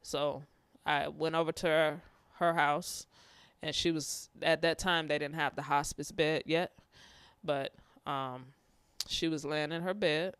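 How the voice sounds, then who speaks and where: A man speaking haltingly, fighting back tears as he talks about his grief. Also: fairly high pitch, steady tone, fairly bright tone, smooth, dry recording. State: tearful. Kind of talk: personal testimony on grief.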